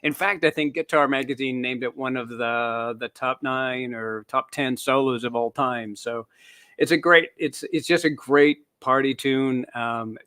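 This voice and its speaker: A man's voice: mid-range voice, fairly even intonation, unhurried, bright, forceful tone, clear, resonant tone, dry recording. A man, the guest on a podcast, chatting casually and telling anecdotes with frequent laughs. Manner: storytelling, laughs often. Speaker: guest author.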